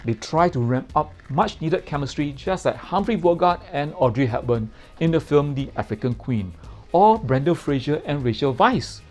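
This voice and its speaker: A man's voice: on the high side, expressive, normal speed, darkish tone, soft background music. Playful male film reviewer. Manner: playful, repeats words for comic emphasis. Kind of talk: casual spoken film review.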